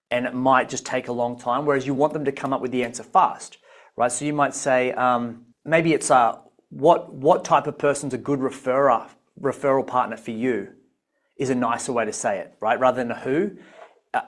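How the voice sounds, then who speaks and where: Energetic business coach. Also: male voice, medium pitch. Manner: energetic, coaching, repeats key points. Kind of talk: live online masterclass.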